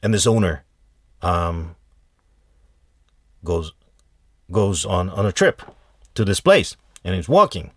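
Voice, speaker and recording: Slow, deep-voiced man telling a folk tale. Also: very animated, dry recording. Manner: unhurried, halting retelling with fillers and restarts. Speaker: storyteller. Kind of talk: casual folk tale storytelling.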